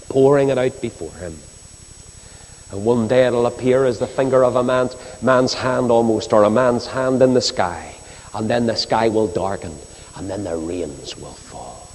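Fervent male preacher in echoing hall. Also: mid-range voice. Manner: fervent, swinging from loud declaring to hushed pleading. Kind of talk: sermon. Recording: long reverb of a large hall.

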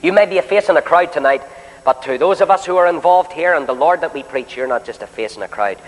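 A male preacher with a somewhat high voice delivers an impassioned sermon. He rises to loud, stretched-out proclamations, then drops to a hushed, pleading tone as he questions the congregation directly. The long reverb of a large meeting hall trails behind every phrase. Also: animated, quick pace. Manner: impassioned, swings between loud declarations and soft pleading asides; addresses listeners directly with questions.

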